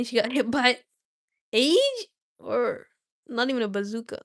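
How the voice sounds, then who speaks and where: A woman's voice: on the high side, big pitch swings, a little slow, no room sound, studio quality. A young woman reading a book aloud on a live stream, with small slips and restarts, and chatting casually with her viewers.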